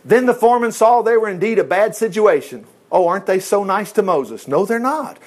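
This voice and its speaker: A man reading scripture aloud and breaking in with animated, exclamatory asides, teaching a Bible lesson. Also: high voice, fairly quick.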